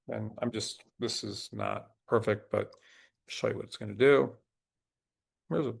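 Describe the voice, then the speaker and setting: A man's voice: fairly low pitch, gravelly, husky. A middle-aged man hosting a resume workshop webinar, thinking aloud and restarting often as he types prompts on screen. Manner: halting, restarts while typing prompts on screen.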